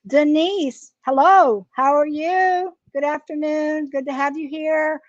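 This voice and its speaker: Woman, livestream host, friendly greetings, high voice, dry dull sound. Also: steady tone, slow, no room sound. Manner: friendly, greets viewers by name. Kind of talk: casual livestream chat.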